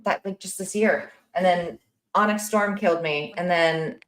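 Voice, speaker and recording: A woman hosting a casual live show over a video call, speaking in a fairly low voice. She rambles through her points, stopping and restarting sentences. Her tone stays joking and chatty. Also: unhurried. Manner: rambling, self-interrupting, joking. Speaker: host. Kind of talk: casual live-stream chat.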